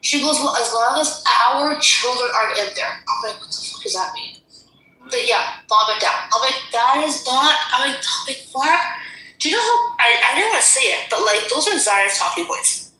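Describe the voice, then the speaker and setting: A woman telling an angry story in heated casual chat, fast and indignant, swearing often. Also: on the high side, expressive, bright, forceful tone. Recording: echoey room with faint noise.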